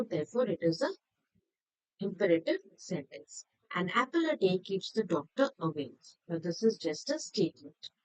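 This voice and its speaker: A woman's voice: lowish voice, dry recording, poor audio. A woman teacher going through a grammar worksheet, explaining each answer step by step in a methodical way.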